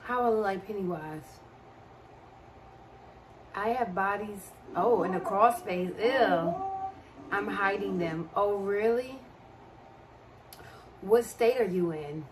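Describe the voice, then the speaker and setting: A woman's voice: medium pitch, slow pace, long pauses, background noise. Chatty young woman with a DMV accent. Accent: DMV (Washington, D.C. area) American. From American. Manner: chatty, reads and answers chat comments. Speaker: livestreamer. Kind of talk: casual live-stream chat.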